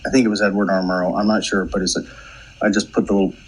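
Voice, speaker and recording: A man in casual podcast chat, halting and restarting his sentences, with dry humor. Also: low-pitched, little pitch movement, breathy edge, rough recording.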